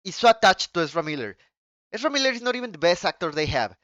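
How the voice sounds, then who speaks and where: Male streamer whose first language is Spanish, with a fairly high, smooth voice. He rants in a quick, excitable way, swears freely and restarts his sentences. The sound is dry and slightly muffled. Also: dry recording. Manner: excitable, profane ranting with restarts. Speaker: live streamer. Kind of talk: casual live-stream chat.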